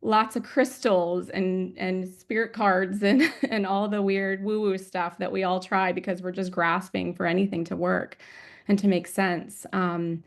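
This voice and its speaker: A woman's voice: medium pitch, fairly even intonation, unhurried, gravelly. A woman in her forties telling her personal story as a webinar guest speaker, candid and emotional, with many ums. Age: 40s. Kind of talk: personal story talk with slides.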